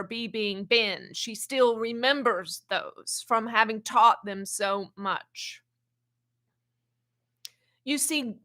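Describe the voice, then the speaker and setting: Woman channeling an old wise spirit teacher, slow and halting, kinda high bright voice, repeats words a lot. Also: exaggerated voice.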